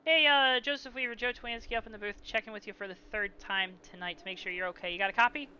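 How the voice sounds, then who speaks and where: A man calling a simulated stock car race as play-by-play commentator, lively with joking asides. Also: high-pitched, fast talker, clean tone, highs cut off. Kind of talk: sim racing commentary.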